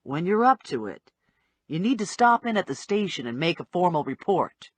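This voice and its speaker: A woman voicing a laid-back male cop who speaks low and quiet with a dry, teasing edge. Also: big pitch swings, moderate pace, no room sound.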